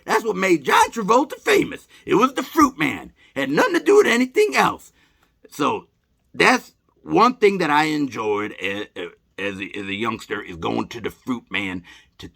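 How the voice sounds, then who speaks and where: Folksy middle-aged male storyteller, rambling and animated, with a sharp, forceful edge to his gravelly voice. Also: fairly high pitch. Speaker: host. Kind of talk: casual nostalgic storytelling.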